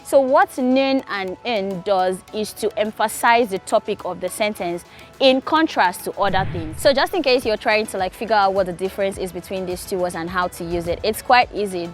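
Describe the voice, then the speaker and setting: Young woman tutor, mid-pitched voice, patient and repetitive, with faint music behind. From Nigeria. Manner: patient, repeats key points slowly. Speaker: Korean language teacher. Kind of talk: casual explanatory lesson.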